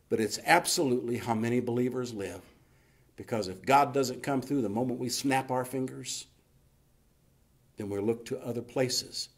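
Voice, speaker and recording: A man's voice: medium pitch, husky. Folksy preaching man. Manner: folksy and emphatic, repeating "you see". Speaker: pastor. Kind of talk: sermon. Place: church sanctuary.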